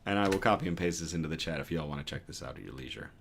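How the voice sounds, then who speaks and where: A man hosting a news livestream, reading stories aloud and chatting with viewers between them in a lively, self-correcting way. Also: a bass voice, rapid-fire, gravelly, noisy background. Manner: lively, reads chat comments aloud and self-corrects with a laugh. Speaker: news show host.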